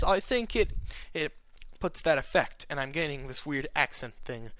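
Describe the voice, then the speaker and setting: Young male audiobook reader, high clear voice, chatty and meandering, dry close sound. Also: expressive, moderate pace, a bit bright, no echo. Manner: chatty, meandering, full of fillers and restarts. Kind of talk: rambling author's note.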